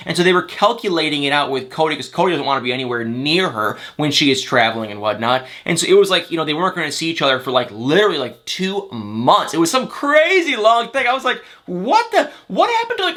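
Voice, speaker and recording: Animated, bright-voiced gossip vlogger man. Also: on the high side. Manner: animated, chatty, exasperated. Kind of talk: casual reality-TV recap.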